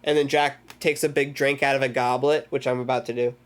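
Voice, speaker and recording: A man's voice: mid-range voice, level tone, brisk. A man streaming live, casually recapping a horror movie with lots of swearing, loose rambling and acted-out quotes. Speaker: streamer hosting a movie club.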